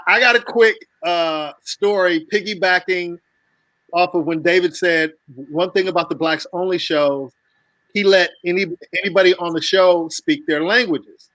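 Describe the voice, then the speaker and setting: A man from the United States hosting a casual video call chat, telling animated stories with swearing and frequent laughs. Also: high voice, unhurried, no echo, low-quality recording. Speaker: host.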